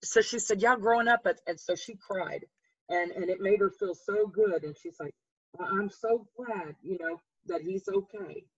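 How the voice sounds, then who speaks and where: A woman's voice: mid-range voice, moderate pace, husky, no echo, muffled recording. An older woman telling stories in a chatty, rambling way with many restarts, her voice lifting when she quotes others. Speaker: guest. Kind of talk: casual storytelling.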